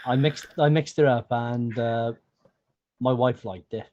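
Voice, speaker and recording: Halting man on dull lo-fi audio. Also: mid-range voice, fairly even intonation, mellow. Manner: halting, then reads recipes out steadily. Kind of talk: casual live-stream chat.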